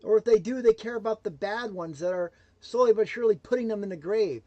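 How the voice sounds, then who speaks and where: A man giving a motivational livestream talk, emphatic and swinging between loud declarations and hushed asides. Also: high voice, fast talker, no room sound, muffled recording. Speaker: motivational speaker.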